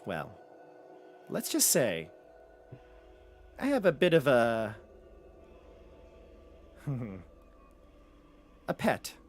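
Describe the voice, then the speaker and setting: A man's voice: mid-range voice, wildly swooping pitch, very slow, pauses often, slight background noise, exaggerated voice. A man voicing a scheming old hag woman who talks in a coaxing, conspiratorial way.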